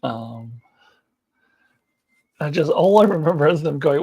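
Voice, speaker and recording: With a deep, warm, slightly breathy voice, a middle-aged woman from the US hosts a laid-back live chat and answers comments. She takes her time and pauses often, rambling, giggling a lot, and fading out with many fillers.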